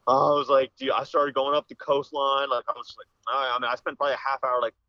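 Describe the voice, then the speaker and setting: Fast-talking young man with a dull, dry sound. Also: medium pitch, level tone, no echo. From Pennsylvania. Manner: rambling, full of "dude" and "like" fillers. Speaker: podcast guest, hunter. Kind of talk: casual storytelling. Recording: slightly dull, lo-fi podcast audio.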